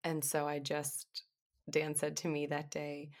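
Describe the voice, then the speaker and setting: Brief: woman guest, low-pitched with a gravelly edge, animated storyteller. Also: unhurried. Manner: animated, laughs often while telling stories. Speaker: physician assistant, podcast guest. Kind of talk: candid storytelling interview.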